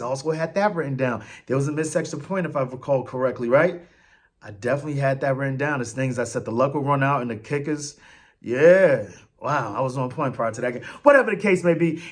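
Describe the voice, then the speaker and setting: A man hosts a casual sports fan show, his voice sitting a little high for a man. He talks in a slangy, animated way and throws in loud emphatic bursts. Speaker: sports podcast host.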